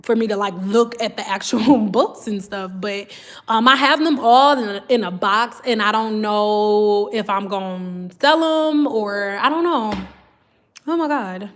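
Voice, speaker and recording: A woman's voice: medium pitch, measured pace. A woman, chatting casually on a livestream and often saying "girl" and "y'all". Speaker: livestream host.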